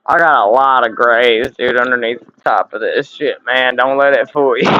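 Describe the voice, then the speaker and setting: Speaking at a normal speed with fairly even intonation, this thirties-aged livestream host has a medium-pitched voice, captured in a dry, dull recording. He's at home in a room with a window air conditioner, cursing and laughing his way through loose, casual banter.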